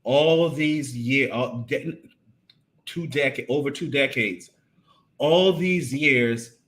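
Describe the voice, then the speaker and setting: A man co-hosting a marriage podcast, talking in an animated, casual way and often repeating and restarting his phrases. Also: medium pitch, slow. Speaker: podcast co-host. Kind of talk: casual conversation about marriage.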